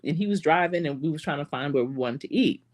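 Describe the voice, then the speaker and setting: Very deep-voiced chatty middle-aged woman. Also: animated, fast. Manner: chatty and giggly, trailing off into asides. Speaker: life coach hosting a live stream. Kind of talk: casual live-stream chat.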